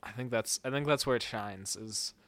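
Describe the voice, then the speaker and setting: A man's voice: medium pitch, moderate pace, fairly bright tone, no room sound. A young adult man co-hosting a podcast, chatting casually about movies, rambling and hedging with fillers. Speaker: podcast co-host. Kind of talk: casual movie review chat.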